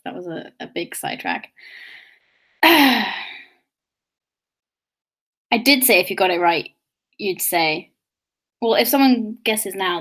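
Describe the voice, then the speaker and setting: A woman's voice: on the high side, pushed and bright. Chatty, giggly woman with a posh southern English accent. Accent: fairly posh southern English with a slight London undertone. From England, London. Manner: chatty, laughs often, drifts into tangents. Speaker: livestream host. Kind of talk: casual livestream chat while doing makeup.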